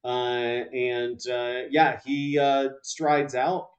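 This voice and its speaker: A man running a tabletop game, talking slowly and stopping often on drawn-out fillers. His voice sits at an ordinary middle pitch. He narrates the scene in a relaxed, unhurried way. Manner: halting, full of "uh" fillers. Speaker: game master.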